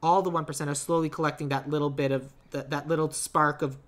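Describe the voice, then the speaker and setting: A man co-hosting a casual movie podcast, rambling with lots of fillers and quick to laugh. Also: on the high side, little pitch movement, fairly bright tone. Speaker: podcast co-host.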